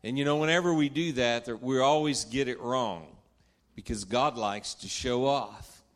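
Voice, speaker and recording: An older man giving a heartfelt testimony in church, telling the story with earnest storytelling. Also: medium pitch. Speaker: preacher. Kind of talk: testimony from the pulpit. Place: church stage.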